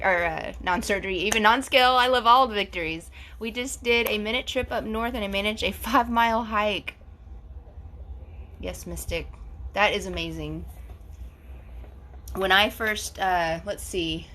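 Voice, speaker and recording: A woman's voice: mid-range voice, moderate pace, pushed and bright, slight background noise. A woman in her forties chatting effusively on a phone live stream, reading out viewers' comments as host. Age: 40s. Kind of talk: casual live-stream chat.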